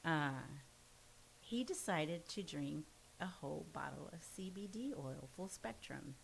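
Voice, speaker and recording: Earnest, lower-pitched woman telling her story. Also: expressive, a little slow, vocal fry, slight background noise, low-quality recording. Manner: earnest and forthright, self-described pushy. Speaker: podcast guest. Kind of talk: candid storytelling in casual conversation.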